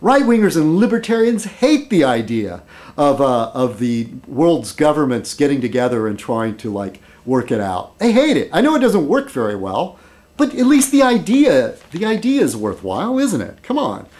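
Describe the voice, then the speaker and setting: A middle-aged man vlogging in casual rambling commentary, chuckling at his own jokes and filling pauses with um and uh. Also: on the high side, big pitch swings, a little mellow.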